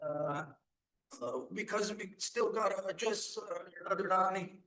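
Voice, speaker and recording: A man's voice: sits high, measured pace, sharp tone. A man giving an emphatic live teaching talk, asking his audience rhetorical questions. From Turtle Island.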